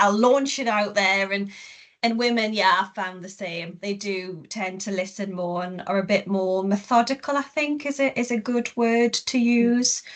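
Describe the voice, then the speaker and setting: A woman and angling coach hosting a casual group chat, encouraging and quick to agree with her guests. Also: medium pitch.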